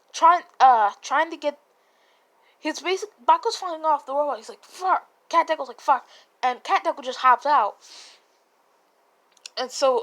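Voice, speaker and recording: Woman, high voice, casual fan story retelling, rambling, swears a lot, laughs at herself. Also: a bit bright. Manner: rambling, profane, laughing, with self-corrections.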